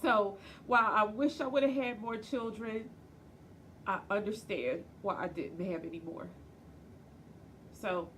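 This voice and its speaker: A mother in her forties talks straight to the camera in a personal video diary. She is emotional and near tears, and her voice sits at an ordinary middle pitch. She speaks tenderly and from the heart, with a faint hum of noise behind her. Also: measured pace, pauses often, fairly bright tone. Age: 40s. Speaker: vlogger and mother.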